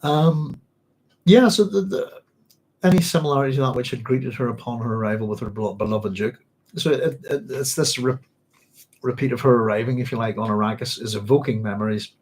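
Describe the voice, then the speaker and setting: Speaking briskly in a mid-range voice that's a little mellow and slightly rough, a man hosts a casual live-stream book club chat. He rambles with lots of ums and restarts while dealing with hiccups and a sore throat, and the audio is poor.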